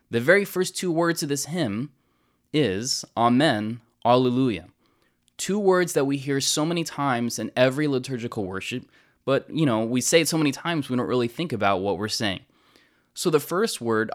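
Earnest man explaining a church hymn. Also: medium pitch. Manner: earnest, with many restarts and slow stresses on key words. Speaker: church teacher.

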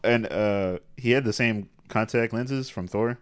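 A man's voice: on the low side, unhurried, no room sound. A man co-hosting a casual movie review chat, making dry sarcastic jokes. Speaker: podcast co-host.

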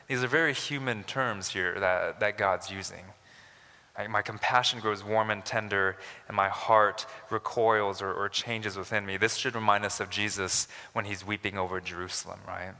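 Bright-voiced male pastor preaching in a reverberant hall. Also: lowish voice, steady tone, normal speed. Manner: conversational, builds to emphatic rises. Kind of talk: sermon.

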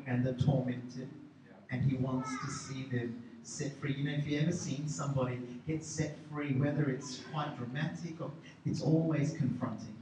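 A male pastor preaching a sermon with animated storytelling and self-mocking humor, in a large church hall. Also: a little high. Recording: echoey hall, distant mic, noisy.

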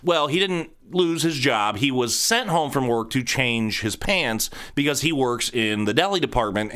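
A middle-aged man hosting a casual monologue, blunt and profane, telling animated stories. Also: mid-range voice, smooth.

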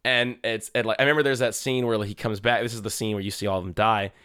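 A young man on a podcast, chatting excitedly about a film, cursing often and acting out scenes. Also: lowish voice, fast, clear, resonant tone, no room sound, studio quality. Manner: excitable, swears a lot, acts out scenes in quoted voices. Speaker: podcast co-host. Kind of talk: casual chat about a film.

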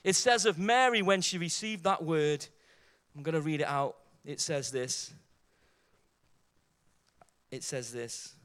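Bright high-voiced male preacher, fervent. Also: slow, long pauses. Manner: emphatic, rising to fervent exclamations and rhetorical questions. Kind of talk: sermon.

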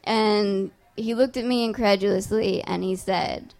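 A woman's voice: medium pitch, steady tone, unhurried, creaky, few pauses, darkish tone. A young adult woman telling a personal story live on stage, in a casual, profane, self-mocking way. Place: on stage before a live audience.

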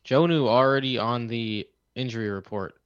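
A man's voice: mid-range voice, moderate pace, clean tone, no echo, lo-fi sound. A man co-hosting a fantasy football podcast, talking casually and rambling with fillers and restarts. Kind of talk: casual sports chat.

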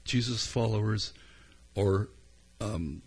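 A male pastor delivers a sermon in a low, slightly husky voice. He sounds earnest and conversational. He often stops to gather his thoughts with an "um.". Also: takes it slowly, darkish tone. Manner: earnest and conversational, with frequent ums.

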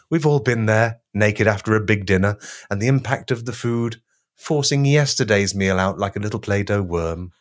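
A man hosting a comedy podcast, telling absurd stories with mock-grandiose deadpan delivery. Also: fairly low pitch. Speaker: podcast co-host. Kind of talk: comic storytelling.

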